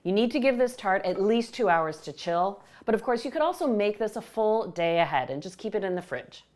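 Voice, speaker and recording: A woman hosting a baking show, explaining each step with clear, enthusiastic instructions from a kitchen. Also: mid-range voice, sing-song, brisk. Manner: warm, explanatory, enthusiastic about the food. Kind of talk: cooking demonstration.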